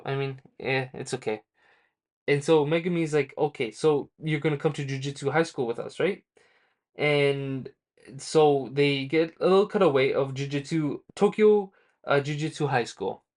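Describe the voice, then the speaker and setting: Man, casual manga recap, mid pitch, rambling, lots of ums, corrects himself often. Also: normal speed. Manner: rambling, many fillers and self-corrections. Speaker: manga review channel host. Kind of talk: casual spoken chapter recap.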